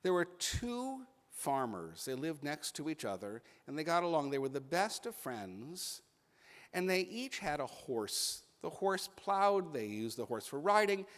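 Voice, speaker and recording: A man serving as rabbi, speaking a sermon to a bar mitzvah boy in a conversational storytelling way with pauses for emphasis, in a synagogue sanctuary. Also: fairly high pitch, big pitch swings, a bit bright. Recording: echoey sanctuary with long reverb.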